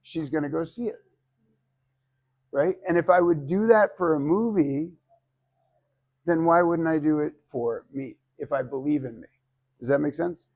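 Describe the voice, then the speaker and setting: A man's voice: on the high side, measured pace, vocal fry, long pauses, a little mellow. A man teaching a public speaking class, talking casually and animatedly, acting out quoted voices and swearing freely. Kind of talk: informal class lecture.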